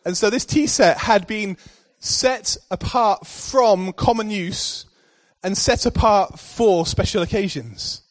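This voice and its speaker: Man, preacher, sermon in church, fairly high voice, storytelling, emphatic scripture reading. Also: takes it slowly.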